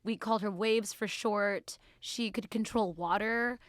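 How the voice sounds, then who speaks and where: A woman's voice: medium pitch, steady tone, unhurried, no echo, studio quality. A woman guesting on a casual podcast as a comic book writer, chatty and playful, laughing easily.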